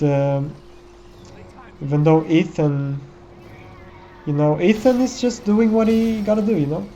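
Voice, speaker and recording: Man, casual gameplay commentary, reflective, mellow tone, faint hiss behind. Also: a little high, highs cut off. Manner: reflective, musing, often says "you know".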